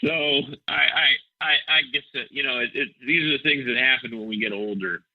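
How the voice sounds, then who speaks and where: A man's voice: mid-range voice, fairly quick, no room sound. A middle-aged man from Ohio, a musician guest chatting in an interview, with a somewhat nasal voice. He rambles and repeats words, mocking himself with dry humor. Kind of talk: casual interview chat. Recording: dull dry phone-like audio.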